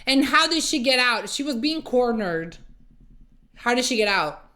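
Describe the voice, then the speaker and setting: A woman's voice: fairly high pitch, sing-song, normal speed, bright, forceful tone. A woman hosting a reaction video, giving casual commentary in a blunt, sarcastic, exasperated way.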